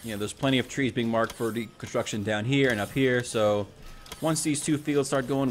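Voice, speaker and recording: A man's voice: mid-range voice, normal speed, slight background noise. A man casually narrating his own gameplay, thinking aloud, correcting himself and chatting to the units on screen. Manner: thinks aloud, self-correcting, talks to the robots. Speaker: let's play host.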